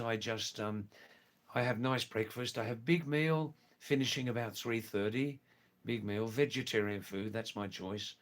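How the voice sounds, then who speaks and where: An older man, hosting a live stream and chatting with viewers in a relaxed, unhurried way. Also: mid-range voice. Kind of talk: casual live-stream chat reading viewer comments.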